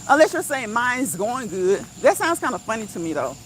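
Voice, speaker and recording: Lady chatting while she walks outside, laughs a lot, kinda high voice, faint hiss behind. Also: big pitch swings, brisk, low-quality recording. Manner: chatty, laughs often, reads viewer comments aloud. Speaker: livestream host. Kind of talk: casual live chat while walking. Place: outdoors on a walk.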